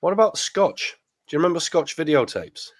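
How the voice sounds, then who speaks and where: A man with a mid-range voice joins a relaxed talk show. He speaks haltingly and wryly, restarting his sentences. His voice sounds dry and close-miked. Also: fairly high pitch, dry recording. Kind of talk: casual podcast chat.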